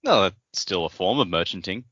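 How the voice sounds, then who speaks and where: A man's voice: sits low, lively intonation, brisk, fairly bright tone, dry recording. A man co-hosting a book podcast, making sarcastic quips and swearing casually. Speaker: podcast co-host. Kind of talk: casual book-club chat. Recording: dry, dull lo-fi podcast audio.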